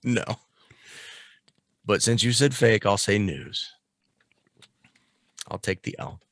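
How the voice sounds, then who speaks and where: A man's voice: lowish voice, expressive, takes it slowly, vocal fry. A man co-hosting a podcast news quiz in casual chat, swearing freely and laughing often as he teases his co-host.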